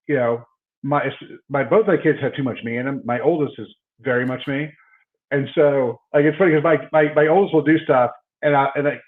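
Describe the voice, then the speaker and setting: A middle-aged man, a guest chiropractor, telling stories in a casual podcast conversation and often restarting his words. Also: medium pitch. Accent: Texan. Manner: storytelling, many repeated word starts. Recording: tinny phone-like line.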